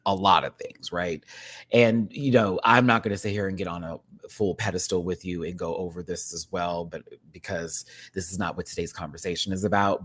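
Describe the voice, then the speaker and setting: A man in his thirties hosting a casual livestream rant. He talks in a chatty, expressive way, with quick laughs and asides to his viewers. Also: on the low side, no echo. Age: 30s. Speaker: livestream host.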